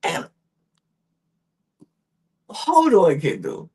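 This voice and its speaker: A young woman gives a casual recap of reality TV. Her pitch swoops up and down as she talks. She is sassy and animated, and she keeps slipping into the voices of the people she quotes. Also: unhurried, husky. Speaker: podcast host recapping reality TV.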